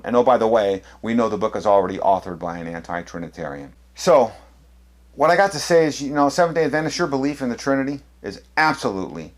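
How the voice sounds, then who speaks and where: A man's voice: mid-range voice, animated, fast talker. Emphatic, sarcastic man presenting a critique. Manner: sarcastic, emphatic, leans hard on key words. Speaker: apologetics video presenter. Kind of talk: critical lecture over on-screen documents.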